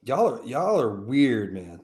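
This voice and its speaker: A man's voice: mid-range voice, big pitch swings, measured pace, a little mellow. A young man co-hosting a podcast in casual comedic chat, laid-back and slangy. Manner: laid-back, slangy, says dude and bro. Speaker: podcast co-host.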